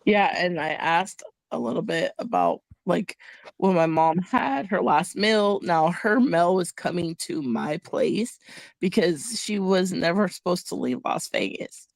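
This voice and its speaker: Gravelly-voiced woman telling a personal story. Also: fairly low pitch, measured pace, dry recording. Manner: animated storytelling, acts out quoted voices. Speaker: host. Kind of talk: casual chat about personal loss.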